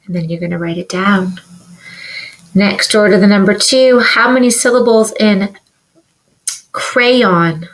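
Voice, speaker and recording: A woman teaching a recorded lesson to young children, slowly sounding words out syllable by syllable, with sing-song rises when she counts and praises. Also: mid-range voice, fairly bright tone, rough recording. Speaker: kindergarten teacher.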